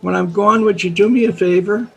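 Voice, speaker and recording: A man voicing a quiet, passive man who pleads meekly before his fate. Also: high-pitched, fairly even intonation, a little fast, creaky, slightly rough, pitched above the performer's own voice, heavily acted, poor audio. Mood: pleading. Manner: meek, soft, passive.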